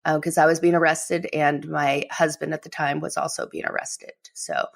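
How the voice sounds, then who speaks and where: A woman's voice: low voice, little pitch movement, moderate pace, vocal fry. A middle-aged woman, a memoir author, telling her own story as an interview guest, candid and emotional, leaning on "you know".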